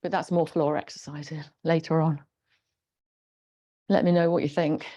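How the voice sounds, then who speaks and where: A woman instructor leading a gentle guided exercise class, encouraging and giving step-by-step movement cues. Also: low-pitched, little pitch movement, measured pace.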